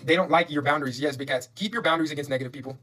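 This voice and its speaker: A man's voice: on the high side, very fast, sharp tone. A man giving a motivational tarot reading, fervent and repetitive, preaching affirmations and swearing casually. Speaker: tarot reader.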